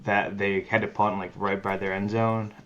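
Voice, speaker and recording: A man's voice: on the low side, normal speed, highs cut off. A man co-hosting a casual sports podcast, laughing often and ranting as he mocks announcers. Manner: animated, laughing, mocking announcers in raised voice. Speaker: podcast co-host.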